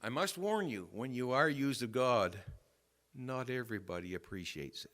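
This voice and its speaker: A man pastor preaching a sermon in a church, telling a story with swings from quiet asides to loud emphasis. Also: mid-range voice, lively intonation, moderate pace. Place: church sanctuary.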